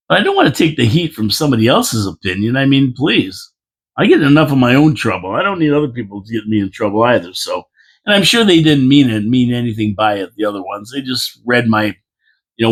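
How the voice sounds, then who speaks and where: A man's voice: mid-range voice, husky. Guy rambling on his own show, repeats stuff, folksy, kinda tired and yawny, regular mid voice. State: tired, yawning. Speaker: local commentary host. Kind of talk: casual opinion monologue.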